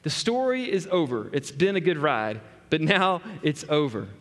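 Brief: panicky young servant boy, a man doing it, high voice, echoey hall. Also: big pitch swings, normal speed, fairly bright tone. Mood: scared. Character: frightened young male servant.

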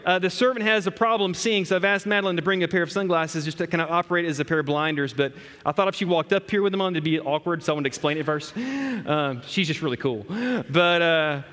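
A man's voice: high voice, fairly bright tone. A man preaching a sermon, telling a story and talking straight to the congregation. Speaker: pastor. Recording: echoey hall.

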